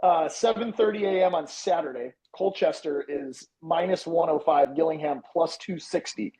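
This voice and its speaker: A man's voice: a little high, normal speed, crowd noise, low-quality recording. A man co-hosting a sports betting podcast, casual, loose and profane, explaining his picks at length. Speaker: podcast co-host.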